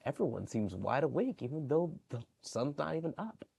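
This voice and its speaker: A man working as a library storyteller, reading bedtime stories to young children in a gentle, animated way. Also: fairly high pitch, moderate pace, creaky, husky, dry recording.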